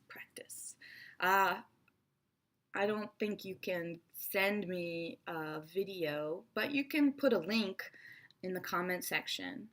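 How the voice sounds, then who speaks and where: A woman giving an online English lesson in a lively, expressive, playful teacher's voice. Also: fairly low pitch.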